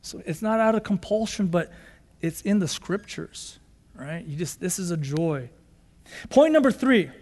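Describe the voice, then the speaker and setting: High-voiced pastor preaching in a reverberant hall. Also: male voice, lively intonation, unhurried, darkish tone. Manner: conversational preaching, acts out quotes, repeats lines for emphasis. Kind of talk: sermon. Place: church sanctuary. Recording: long church reverb.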